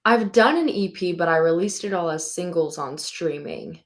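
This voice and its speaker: A woman's voice: fairly low pitch, animated, moderate pace. Giggly young woman from Minnesota. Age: young adult. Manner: giggly, easygoing. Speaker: guest singer. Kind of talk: casual interview chat.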